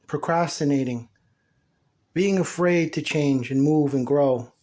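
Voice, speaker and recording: A man's voice: a little high, darkish tone. A man giving a blunt, scolding motivational monologue, talking down excuses and self-pity. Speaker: motivational speaker.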